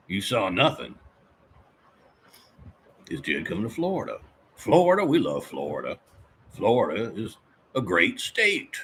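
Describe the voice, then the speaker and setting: A man's voice: lowish voice, bright, forceful tone, a little hiss or hum, exaggerated voice. A man playing a rambling folksy handyman. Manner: rambling, homespun, frequent throat-clearing. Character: folksy rambling middle-aged handyman, homespun and chatty. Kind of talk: live-stream character chat reading viewer comments.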